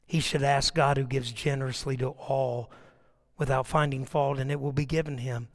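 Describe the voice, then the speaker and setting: A man's voice: medium pitch, steady tone, normal speed. An older man preaching a sermon, telling personal stories and building to impassioned, emphatic appeals. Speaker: pastor.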